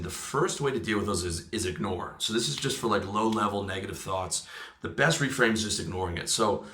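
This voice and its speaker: A man giving a motivational coaching talk, pressing each point with a quick "okay?" or "right?". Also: lowish voice, sharp tone, roomy sound. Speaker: sales coach. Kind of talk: motivational monologue.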